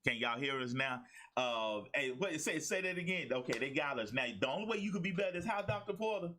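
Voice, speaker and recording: A man's voice: fairly high pitch, animated, fast, sharp tone, slight background noise. A man hosting a live-streamed talk show, greeting each guest by name and chatting in a friendly way. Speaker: show host.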